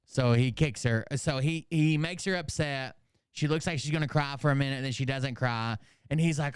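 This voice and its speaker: A man's voice: mid-range voice, moderate pace, clean tone. A man hosting a commentary channel, talking casually in a rambling, profane, conversational way.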